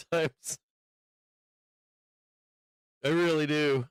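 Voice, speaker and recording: A man hosting a live stock trading stream, talking through charts and swearing loudly when a trade turns against him. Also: medium pitch, moderate pace, smooth, no room sound. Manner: profane, swings from calm chart talk to furious outbursts. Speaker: livestream trading host. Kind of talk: live market stream commentary.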